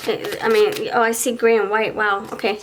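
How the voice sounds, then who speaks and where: A woman's voice: medium pitch, level tone, normal speed, background noise. A woman reading tarot cards for viewers. She thinks aloud as she pulls the cards and often stops and restarts her sentences. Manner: acts out imagined dialogue between partners. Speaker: tarot reader. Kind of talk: pick-a-card tarot reading.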